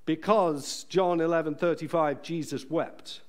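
A man preaching a sermon in a church, earnest and emphatic, slowing down to stress key phrases. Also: on the high side, steady tone.

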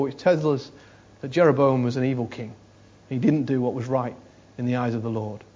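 A man's voice: mid-range voice, warm tone, slightly rough. A man preaching a conversational sermon, repeating phrases for emphasis and often saying "you know". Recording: dull lo-fi sermon recording.

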